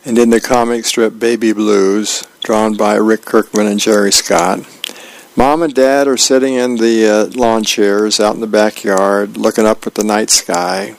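A man volunteering as a radio reader, reading the newspaper and comics aloud in a gentle, plain way. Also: lowish voice, measured pace, vocal fry.

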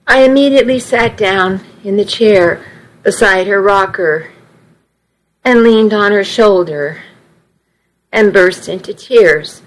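A woman reading a first-person story aloud in a slow, measured way. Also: mid-range voice, rough recording. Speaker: narrator.

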